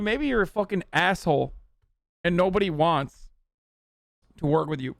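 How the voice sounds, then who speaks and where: A man's voice: sits high, lively intonation, normal speed, creaky, long pauses, dry recording, clean studio sound. A man in his thirties streaming live, reacting with blunt, mocking, profane commentary.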